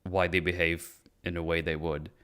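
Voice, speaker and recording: A man hosting a casual movie podcast, laughing often and acting out scenes in quick silly voices. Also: deep voice, level tone, pushed and bright, smooth. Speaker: podcast host. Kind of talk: casual movie-review chat.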